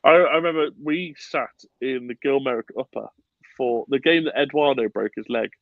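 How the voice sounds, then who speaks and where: Man, gravelly voice, casual fan podcast host, animated, dry dull stream audio. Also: medium pitch, normal speed, no echo. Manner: animated, swearing, loud laughs. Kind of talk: casual football podcast chat.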